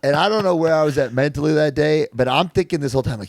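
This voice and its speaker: A man's voice: on the high side, fast talker, few pauses, slight background noise. A man on a podcast, telling stories in a rambling, profane way with lots of fillers. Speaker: podcast co-host, wrestler. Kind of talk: casual podcast chat.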